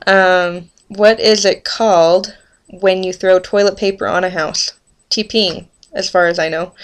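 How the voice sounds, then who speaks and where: A woman's voice: lowish voice, smooth. A woman in her twenties from Utah with a rural Utah accent, talking casually to the camera for a dialect tag video, chatty and full of ums and self-corrections. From Utah, USA. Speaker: vlogger.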